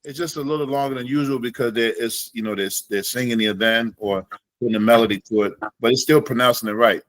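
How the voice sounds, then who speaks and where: Man, classroom teacher, relaxed explaining, mid pitch, dry close sound. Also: no echo, low-quality recording. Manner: demonstrates Arabic phrases slowly, drawn out. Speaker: Islamic studies teacher.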